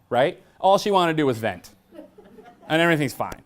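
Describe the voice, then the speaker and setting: A blunt, joking man giving a staff training talk. His pitch swings in a lively way as he tells stories. He keeps asking the audience questions. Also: fairly quick. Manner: asks the audience frequent questions. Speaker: workshop presenter.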